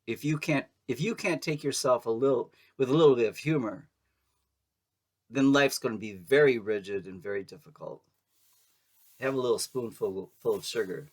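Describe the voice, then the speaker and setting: A man's voice: mid-range voice, normal speed. A man giving a casual tarot reading to camera, chatty and playful, laughing often and making sassy asides. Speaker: tarot reader.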